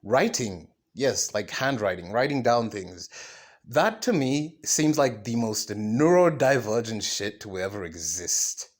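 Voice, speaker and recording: A man's voice: lowish voice, sing-song, unhurried. A man hosting his own podcast, talking alone in a rambling monologue, swearing often, restarting sentences and asking "right?" as he goes. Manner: swearing, many fillers and restarts, asks "right?". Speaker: podcast host.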